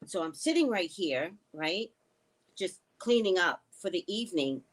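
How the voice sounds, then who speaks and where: A woman's voice: fairly low pitch, measured pace. A woman hosting a casual live stream from home, telling stories sarcastically, swearing often and reading viewer comments aloud. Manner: sarcastic, animated storytelling with frequent swearing.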